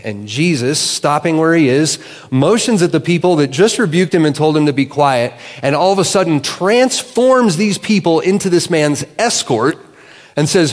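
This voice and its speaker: A man giving a sermon as a guest pastor, telling a story in a relaxed, conversational way with casual fillers. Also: a little high, normal speed, big-room sound. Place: church sanctuary.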